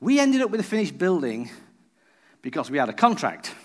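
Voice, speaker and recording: A man's voice: a little high, very animated, a little fast. A man preaching a sermon as a visiting preacher, telling a personal story and acting out the people he quotes.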